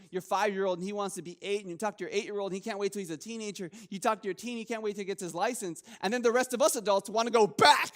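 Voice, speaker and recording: A young man preaching a casual sermon, joking with the congregation and restarting his sentences often. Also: high voice. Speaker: pastor.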